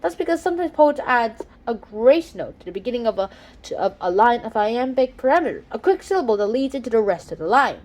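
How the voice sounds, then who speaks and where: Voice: medium pitch, sing-song, fast talker. A young host reading a study guide aloud in a casual lesson, stumbling over words and restarting often. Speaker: channel host.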